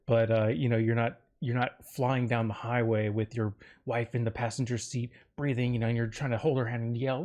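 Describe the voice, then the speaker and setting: A man's voice: medium pitch, little pitch movement, a little fast, hardly any pauses, darkish tone. Man, podcast host, casual storytelling, rambling, self-interrupting, joking. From Florida, United States. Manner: rambling and self-interrupting, with frequent fillers and jokes.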